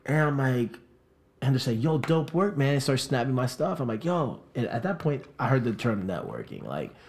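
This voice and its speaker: A man's voice: medium pitch, normal speed, creaky. A young man from South Florida telling a long story in casual podcast chat, swearing freely and acting out what others said. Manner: animated, profane, acts out quoted voices.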